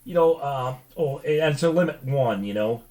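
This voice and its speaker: A man's voice: medium pitch, moderate pace, a little mellow. Older man telling rambling funny stories. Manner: rambling, laughs often, crude jokes. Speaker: podcast co-host. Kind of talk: casual chat.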